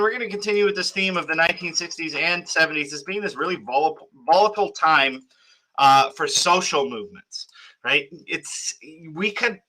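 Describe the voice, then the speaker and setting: A man's voice: a little high, sharp tone, poor audio. A sleepy man in his thirties teaching an online history class, talking casually with lots of fillers and restarts. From United States.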